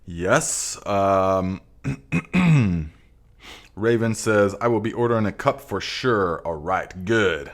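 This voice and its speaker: Low-voiced man hosting a live chat. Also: takes it slowly. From Northern California. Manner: relaxed, reads viewer comments aloud with many fillers. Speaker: podcast host.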